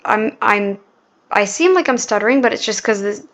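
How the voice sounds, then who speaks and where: A woman's voice: medium pitch, lively intonation, moderate pace. A woman hosting a reaction video, talking in a casual, sarcastic and mocking way.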